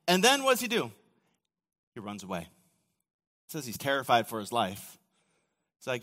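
A man preaching a sermon, telling the story casually with acted quotes, often dropping to a quiet, low voice. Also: very animated, measured pace, long pauses. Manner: casual storytelling with acted quotes and sudden drops to near-whisper. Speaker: pastor. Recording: long hall reverb.

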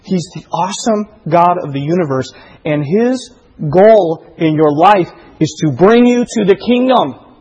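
A middle-aged man preaching a sermon, impassioned, rising to loud emphatic delivery full of rhetorical questions. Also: high voice, animated, measured pace, breathy edge, poor audio. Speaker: pastor.

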